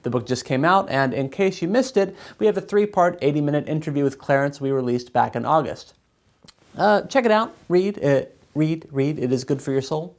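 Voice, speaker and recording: A man's voice: on the high side, moderate pace. A man in his thirties hosting a show, reading segments in a playful mock-fairy-tale style. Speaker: host.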